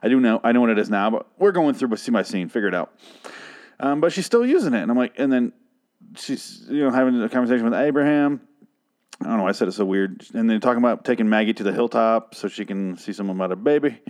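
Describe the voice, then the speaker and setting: A man's voice: fairly low pitch, sing-song, fast, darkish tone. A man hosting a solo TV review podcast, chatting casually in a rambling, profane and jokey way. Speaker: podcast host reviewing a TV series.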